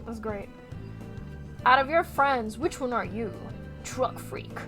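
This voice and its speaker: A woman streaming as she draws, chatting casually with her viewers, animated and quick to swear. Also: on the high side, music in the background. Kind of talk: casual chat while drawing on stream.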